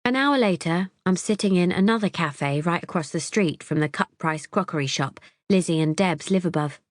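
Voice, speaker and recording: A woman's voice: on the low side, normal speed, no echo, studio quality. A woman narrating a psychological thriller audiobook in the first person, wry and tense.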